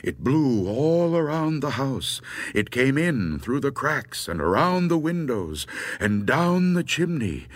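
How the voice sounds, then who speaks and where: Man telling a spooky story, expressive. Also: medium pitch, slow pace. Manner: dramatic, expressive telling with rising tension.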